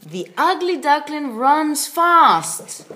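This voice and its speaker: A woman narrating a children's story in slow, simple, expressive sentences for young learners. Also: high-pitched, slight background noise.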